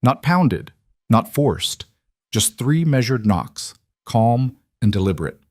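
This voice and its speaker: A man narrating a scripted story in a steady, measured storytelling voice. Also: medium pitch, no echo, studio quality.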